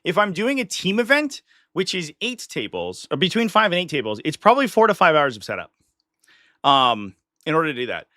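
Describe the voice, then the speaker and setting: A man's voice: a little high, big pitch swings, fairly quick, pushed and bright, no echo, studio quality. A man hosting a live stream, talking in a chatty, opinionated way and offering casual commentary. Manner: chatty and opinionated, slips into mock voices of others.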